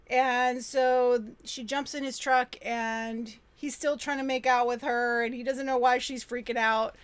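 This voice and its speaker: A woman's voice: high-pitched, steady tone, measured pace, hardly any pauses, a bit bright, clean tone. A woman recapping a movie plot in casual chat, laughing and quoting the characters as she goes. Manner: retells film scenes with laughs, mimicking characters. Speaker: podcast co-host.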